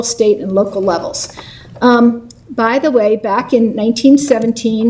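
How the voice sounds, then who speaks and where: Mellow-voiced woman advocating at council. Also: on the high side, far from the mic, a little hiss or hum, poor audio. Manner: earnest, informative advocacy. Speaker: public commenter. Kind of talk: prepared public comment.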